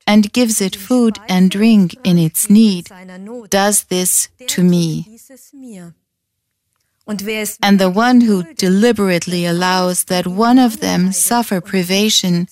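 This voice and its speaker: A woman reading a religious passage aloud in a calm, reverent way. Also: medium pitch. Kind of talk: scripture reading.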